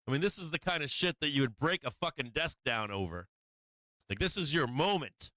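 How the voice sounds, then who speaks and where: A bright, forceful man hosts a market livestream, swearing freely and acting out angry traders as he walks through the charts. His voice is smooth and crisp, recorded dry and close with no room around it. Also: fairly high pitch, moderate pace, no echo. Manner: blunt, swearing, animated with mock quotes of traders. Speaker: stock market livestream host. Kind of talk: casual profane market commentary.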